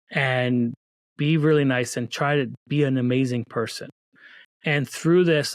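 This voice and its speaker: Earnest guy talking about his life in an interview, mid pitch, close dry mic. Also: no echo. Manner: earnest, faith-filled storytelling with restarts. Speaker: guest, children's book author. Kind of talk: casual interview talk.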